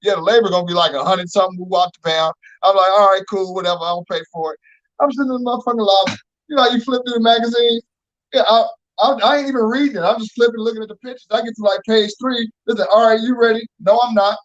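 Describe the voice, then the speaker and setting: A man who speaks high and spins profane, animated stories in loose casual talk, acting out every voice he quotes. The recording sounds dull and lo-fi. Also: rapid-fire. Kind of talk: casual storytelling chat.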